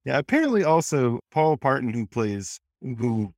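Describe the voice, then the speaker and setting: A man's voice: medium pitch, sing-song, moderate pace, darkish tone, no echo, clean studio sound. Rambling man on a movie podcast. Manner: rambling, loses his train of thought. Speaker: podcast co-host. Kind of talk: casual movie review chat.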